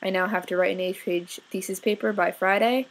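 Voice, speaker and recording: A woman's voice: mid-range voice, steady tone, a little fast, rough recording. A young adult woman, a student, talks in a rambling, blunt and sarcastic casual vlog. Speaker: student vlogger.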